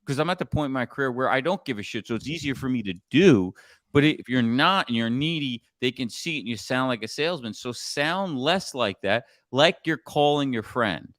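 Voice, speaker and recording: A middle-aged man coaching on sales in a casual podcast chat, blunt and animated, sometimes swearing. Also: medium pitch, brisk, no room sound, studio quality. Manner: blunt, animated storytelling with profanity.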